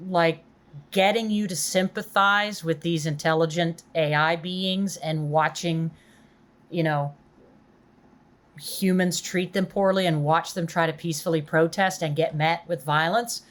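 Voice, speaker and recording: Low-voiced woman chatting casually. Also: fairly even intonation, measured pace. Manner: casual, enthusiastic, hedging. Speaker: podcast guest. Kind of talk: casual chat.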